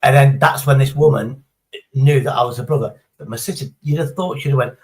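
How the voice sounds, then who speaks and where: A man's voice: medium pitch, a little fast, low-quality recording. A middle-aged man, chatting casually on a livestream in a rambling, sweary, sarcastic way. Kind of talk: casual chat.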